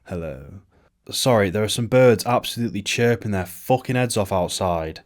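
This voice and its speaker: A man's voice: lowish voice, fairly quick. A man doing casual film commentary at home, sarcastic and mock-pompous. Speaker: video essayist. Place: home room.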